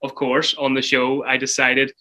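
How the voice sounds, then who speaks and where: A radio breakfast presenter chatting casually about quirky news, laughing often and getting excited. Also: male voice, medium pitch, rough recording. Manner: giggly, excitable, quick to laugh. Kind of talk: casual chat.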